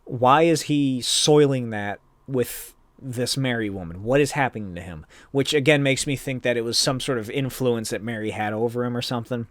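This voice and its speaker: A man's voice: mid-range voice, normal speed, hardly any pauses, no room sound. Rambling male podcast host, dry sound. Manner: rambling, lots of "like" and "um" fillers. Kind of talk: casual comic book recap.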